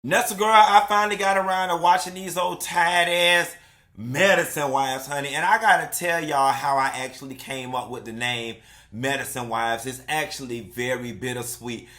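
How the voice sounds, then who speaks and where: Sassy, bright-voiced male gossip host. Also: mid-range voice, moderate pace. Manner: sassy, animated storytelling with pet names like honey and baby. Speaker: commentary host. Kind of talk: casual gossip commentary.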